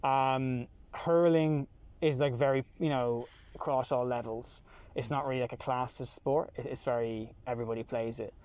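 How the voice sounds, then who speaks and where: A young Irish man in his twenties, a taxi passenger explaining things in relaxed casual chat, with many fillers and restarts. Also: mid-range voice, normal speed. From Ireland. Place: inside a taxi.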